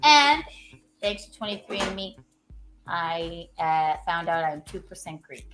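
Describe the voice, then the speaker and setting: A woman with a lowish voice hosts a laid-back cooking live stream, chatting to viewers as she cooks, joking and rambling through goofy catchphrases she keeps repeating. She's animated at a measured pace, with a fairly bright tone over soft background music.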